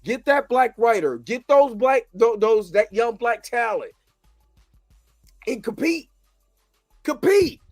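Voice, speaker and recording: A man's voice: very high-pitched, animated, slow, no room sound, faint music behind. A man hosting his own show, ranting casually with lots of repetition. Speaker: show host. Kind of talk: casual commentary.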